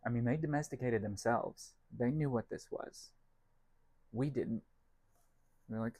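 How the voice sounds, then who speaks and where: In a casual cooking vlog, a young man rambles to the camera and his cats as he bakes in his home kitchen, dryly poking fun at himself. He speaks a little slowly in a mid-range voice with lively intonation and vocal fry, and there's no echo.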